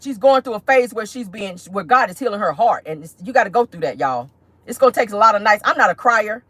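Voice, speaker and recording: A woman's voice: mid-range voice, lively intonation, quick pace, a bit bright, slightly rough, dry recording. A woman giving casual pop-culture commentary on her vlog, emphatic and preachy, with frequent profanity. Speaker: commentary vlogger.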